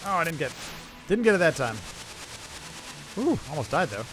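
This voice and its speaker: A fairly high-voiced man streams a retro game, his pitch leaping around as he reacts. He chats with viewers and laughs at his own mistakes, with faint music behind him. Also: normal speed. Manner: animated, laughing, self-deprecating, talks to chat. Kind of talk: live gameplay streaming chat.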